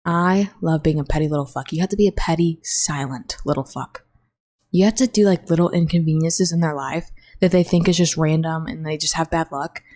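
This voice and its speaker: A young woman talks alone on her podcast in a casual, rambling way. Her voice sits a little low for a woman. She is blunt and swears often. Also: a little mellow. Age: young adult. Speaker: podcast host. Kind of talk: casual solo podcast chat.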